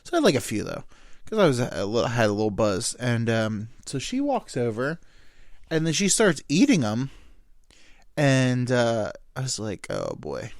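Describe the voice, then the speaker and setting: A man's voice: mid-range voice, big pitch swings, moderate pace, no echo, clean studio sound. A young man hosting a solo podcast, telling a story in a rambling, profane and self-mocking way, with lots of ums and quoted dialogue. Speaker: podcast host.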